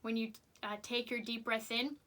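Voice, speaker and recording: A woman music teacher leading children through vocal warm-ups, upbeat and patient, showing each exercise aloud. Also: a little high, flat delivery, normal speed.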